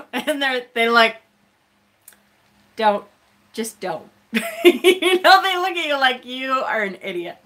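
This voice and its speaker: A woman's voice: fairly high pitch, bright, forceful tone. A woman hosting a casual live stream, chatting with viewers as she unboxes a tarot deck, self-deprecating and laughing often.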